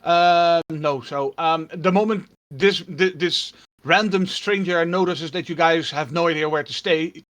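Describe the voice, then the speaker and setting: A man narrating as game master of a tabletop role-playing game in a relaxed, filler-heavy storytelling manner. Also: fairly high pitch, measured pace, few pauses.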